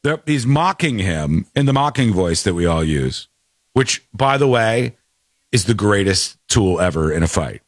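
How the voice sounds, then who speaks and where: A man hosting a casual commentary show, talking in an animated way and laughing while mimicking people. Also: lowish voice, measured pace, no room sound, studio quality. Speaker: podcast host.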